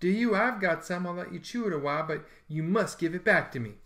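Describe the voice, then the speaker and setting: A man's voice: high voice, expressive, fast, fairly bright tone. A man doing an eager, bragging schoolboy. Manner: eager, wheedling, boastful. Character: eager, boastful young schoolboy. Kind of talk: storybook reading.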